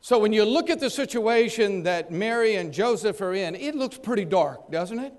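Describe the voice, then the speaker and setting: A man preaching a sermon, acting out the people in the story and swinging between loud and soft. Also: sits high, lively intonation, normal speed. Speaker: pastor.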